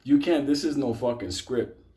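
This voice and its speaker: A man's voice: mid-range voice, moderate pace, dark tone. A man telling a story to a live audience, swearing constantly and laughing as he goes.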